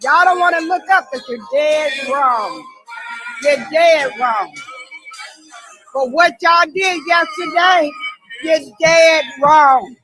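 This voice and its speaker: A woman giving an angry protest speech during public comment, shouting and repeating her accusations. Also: sits high, slow pace, music in the background, rough recording. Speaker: resident speaking at public comment. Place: city council chamber.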